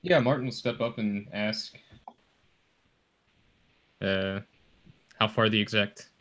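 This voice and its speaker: A man's voice: fairly low pitch, takes it slowly, fairly bright tone. A man playing in a tabletop game, chatting and reassuring his fellow players. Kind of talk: casual tabletop play.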